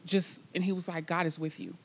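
A woman's voice: lowish voice, big pitch swings, a little fast, creaky, husky. A woman earnestly telling a faith testimony as a guest on a talk show. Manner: earnest, emphatic storytelling.

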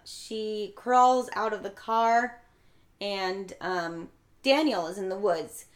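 A woman's voice: mid-range voice, slow pace. Woman narrating a plot, acting out lines. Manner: acts out the characters' lines while narrating. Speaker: podcast co-host. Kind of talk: casual chat retelling a film plot.

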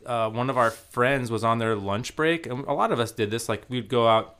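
A man's voice: medium pitch, normal speed, fairly bright tone, smooth. A man from Arizona telling a work story in casual chat, rambling with lots of fillers and swearing. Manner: rambling, filler-heavy, profane, laughs often. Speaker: podcast co-host telling a story.

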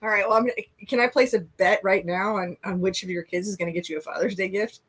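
A woman with a Minnesota accent hosting a casual racing livestream, chatty and quick to laugh while she reads out viewer comments. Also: medium pitch, steady tone. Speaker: livestream host.

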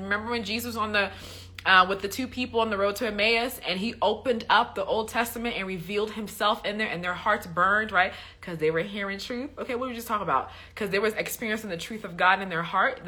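On a faith livestream, a woman with a mid-range, bright voice and forceful tone answers questions from viewers. Her teaching is casual and loaded with fillers, and she keeps adding an emphatic, preachy "okay?".

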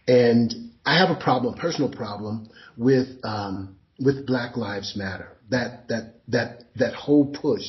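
A man's voice: mid-range voice, a little slow, hardly any pauses, dull audio. A man speaking as an interview guest, telling stories emphatically and acting out scenes. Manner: emphatic storyteller, acts out scenes. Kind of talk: conversational interview.

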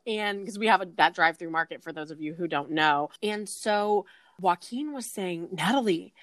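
A woman co-hosting a casual conversation, telling stories in an animated way and laughing easily. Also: on the low side, normal speed, no echo.

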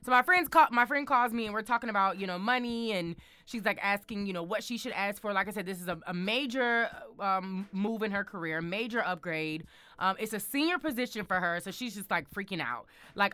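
A woman's voice: medium pitch, brisk, bright, forceful tone, clean tone, no room sound. A woman hosting a casual motivational talk, sassy and emphatic, calling the listener honey. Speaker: show host.

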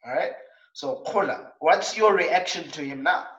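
A South African man hosting a coaching talk show, telling stories in a lively way with acted asides. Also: fairly high pitch, unhurried, roomy sound, far from the mic, dull audio. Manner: animated storytelling with acted asides.

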